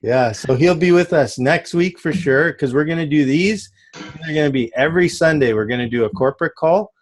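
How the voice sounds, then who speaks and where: A man's voice: a little high, moderate pace. A man hosting a casual group call, talking in an upbeat, rambling way and laughing easily. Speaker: call host.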